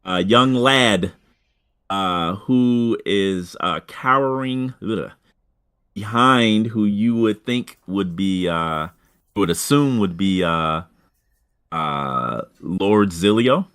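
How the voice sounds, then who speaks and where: A man narrating a tabletop game as game master, halting, with many fillers and restarts. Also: lowish voice, lively intonation, fairly bright tone, clean tone.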